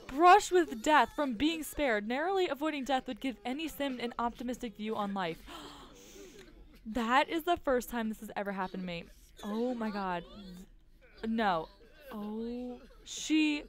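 High-voiced woman talking slow over her sims game, gets all gaspy and excited. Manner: excitable, gasping and squealing at game events. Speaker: gaming YouTuber. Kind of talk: casual let's-play commentary.

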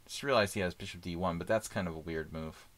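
Low-voiced man musing over chess moves. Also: quick pace, a bit bright. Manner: thinks aloud, musing with many fillers. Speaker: chess streamer. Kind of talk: casual live commentary while playing.

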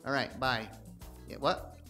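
A man voicing an excitable, scatterbrained male bunny puppet in a children's puppet show, giggling and stammering as he talks. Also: mid-range voice, unhurried, faint music behind. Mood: excited.

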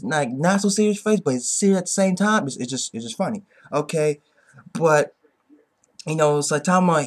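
A man giving a casual, excitable episode review, rambling and swearing, tagging sentences with "okay?". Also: mid-range voice. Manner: swears freely. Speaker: anime reviewer.

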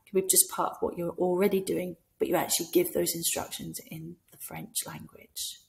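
A woman's voice: on the low side, fairly quick, gravelly, hardly any pauses. Scottish woman coaching teachers, explains then acts out little bits of talking to kids in a sing-song teacher voice. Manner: demonstrates by speaking to imagined children in a bright teacher voice. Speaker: teacher trainer. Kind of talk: instructional talk with classroom role-play.

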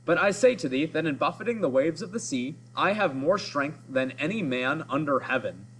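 A man's voice: a little high, animated, moderate pace, a bit bright, slightly rough, soft background music, poor audio. A man reading the lines of a proud, boastful male hero in solemn, old-fashioned speech. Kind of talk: read-aloud of a story.

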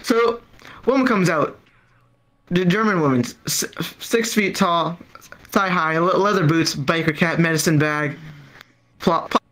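A man's voice: a little high, measured pace, pauses often, fairly bright tone, rough recording. A man doing open mic stand-up, rambling and stammering through a profane story while acting out the people in it. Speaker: stand-up comedian. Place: comedy club stage.

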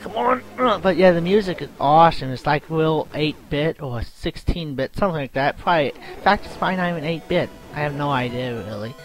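Young man, let's play commentary, excitable, self-mocking, slightly high voice, game music in the background. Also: a little fast, few pauses. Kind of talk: casual gameplay commentary.

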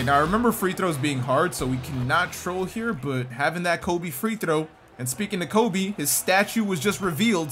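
A young man giving excitable commentary over a basketball video game, often yelping and shouting at plays. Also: on the high side. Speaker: gaming YouTuber. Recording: game music playing behind.

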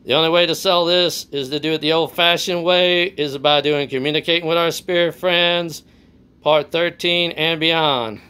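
A man hosting his own doll channel, announcing slowly and deliberately with lots of repetition. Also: a little high, fairly bright tone, smooth. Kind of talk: casual video narration.

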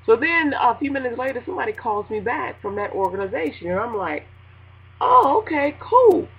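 A woman radio host ranting casually to her listeners, animated and laughing, acting out a phone call in a high voice. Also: quick pace, breathy edge. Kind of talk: casual spoken rant.

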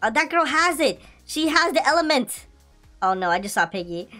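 A woman giving excitable gameplay commentary, laughing, pleading and shouting as she plays. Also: high voice, moderate pace, soft background music. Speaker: gaming video creator.

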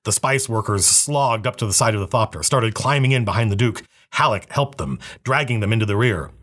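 Husky low-voiced man reading aloud. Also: fairly quick. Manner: steady, even storytelling. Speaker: narrator reading a novel.

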